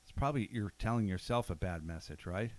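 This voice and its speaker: A man's voice: fairly low pitch, lively intonation, quick pace, a little mellow. A middle-aged man hosting a podcast, chatting casually and telling stories with quoted asides. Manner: conversational, storytelling with quoted asides. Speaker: podcast host. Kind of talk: casual chat.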